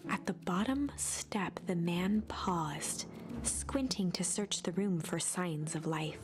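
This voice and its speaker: A woman narrating a storybook game in a hushed, suspenseful voice that often drops near a whisper. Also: lowish voice, slow pace. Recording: game audio with clear music bed. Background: game music.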